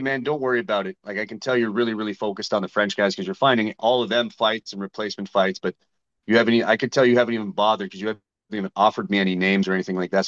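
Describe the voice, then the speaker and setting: A man's voice: fairly low pitch, a bit bright, highs cut off. A man guest in a casual interview, talking bluntly and retelling conversations with others. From Canada. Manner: blunt, storytelling, acts out both sides of conversations. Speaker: guest fighter.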